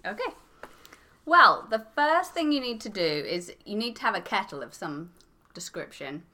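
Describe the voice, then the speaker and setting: A woman's voice: mid-range voice, lively intonation, moderate pace, bright, forceful tone. A woman from England, a podcast guest, explaining step by step in a matter-of-fact casual chat.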